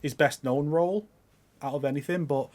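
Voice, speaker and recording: A man's voice: a little high, moderate pace, darkish tone. A man co-hosting a casual podcast, teasing and insistent. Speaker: podcast co-host. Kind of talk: casual chat.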